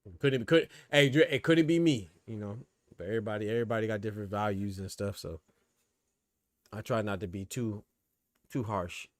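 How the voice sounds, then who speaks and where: A man's voice: lowish voice, a little fast, dry recording. A man hosting a boxing livestream, chatting casually in slang, reading out and answering viewers by name. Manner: relaxed, slangy, reads chat aloud. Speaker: boxing commentary host.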